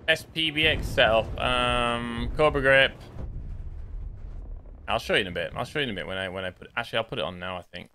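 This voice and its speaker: A man giving casual running commentary while playing a shooter game, muttering to himself and reacting quickly. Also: medium pitch, pushed and bright, slight background noise. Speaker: gaming streamer. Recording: faint gunfire under voice.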